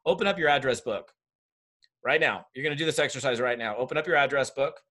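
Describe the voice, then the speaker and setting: With a medium-pitched voice and a fast delivery, a man coaches network marketers over video. His tone is direct and energetic, aimed squarely at his listeners.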